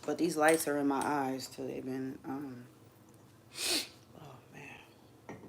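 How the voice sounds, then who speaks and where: A woman talks straight to her viewers on a home livestream, rambling and candid, letting her feelings show openly. Her voice has a gravelly, fry-touched edge. A faint background hiss sits under the streaming mic. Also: a bass voice, flat delivery, slow pace. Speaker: livestream host. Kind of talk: casual livestream chat. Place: home streaming setup under bright lights.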